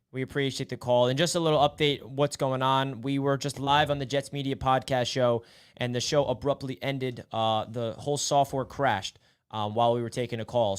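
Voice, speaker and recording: A man's voice: medium pitch, clear, resonant tone. A man hosting a live sports podcast stream, casually explaining and welcoming callers. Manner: upbeat, explanatory. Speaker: podcast host.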